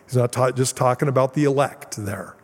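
A man's voice: medium pitch, a little fast, in a large hall. A man preaching a sermon as pastor, explaining Bible verses with plain, casual asides.

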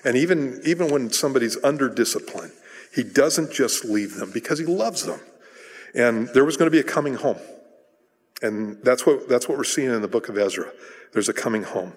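A man's voice: mid-range voice, moderate pace, husky. Middle-aged man, pastor, chatty sermon delivery with restarts, mid-range voice, long hall reverb. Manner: conversational, animated storytelling with frequent restarts.

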